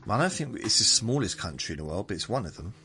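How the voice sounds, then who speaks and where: Fast and very animated, a man with a fairly low voice speaks in a bright, forceful tone. He's a podcast host from southern England with the accent to match, and his rambling, self-correcting monologue is intended to lull listeners into sleep.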